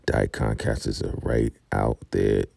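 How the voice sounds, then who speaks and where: Very deep, gravelly-voiced male TV recapper. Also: flat delivery, slow pace, mellow, no room sound. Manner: laid-back, chuckles often, talks to viewers as y'all. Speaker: TV recap reviewer. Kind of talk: casual recap commentary.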